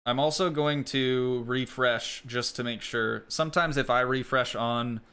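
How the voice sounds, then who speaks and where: A man's voice: mid-range voice, steady tone, unhurried, bright, forceful tone, smooth. A man casually commenting on his game during a live stream, rambling and answering chat questions.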